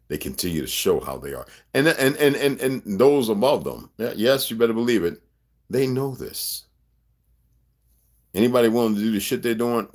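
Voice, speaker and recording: A man talking straight to his viewers in a rambling, emphatic, profanity-laced monologue, often checking whether they follow him. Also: deep voice. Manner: profane, emphatic, conspiratorial rant. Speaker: video blogger.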